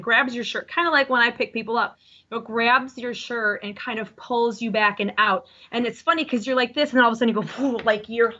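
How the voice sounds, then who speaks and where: Bright-voiced chatty woman psychic. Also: a little high, highs cut off. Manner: chatty, rambling, self-correcting. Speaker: psychic reader. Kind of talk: live call-in psychic reading.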